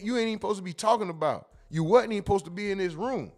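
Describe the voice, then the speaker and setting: Streamer type: high-pitched man, animated and loud in bursts, casual chat-reading host. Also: fast, hardly any pauses, faint music behind. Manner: animated, loud bursts, mimics people in quotes, laughs. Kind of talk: casual live stream commentary.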